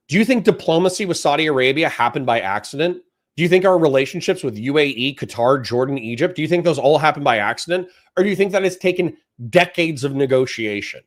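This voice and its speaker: A man live-streaming commentary on a debate, ranting and swearing in exasperation. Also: mid-range voice. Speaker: livestreamer reacting to a debate.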